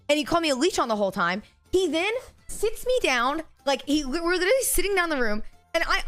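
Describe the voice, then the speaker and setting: A woman streamer telling a story casually to her live chat, animated and profane, laughing as she goes. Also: sits high.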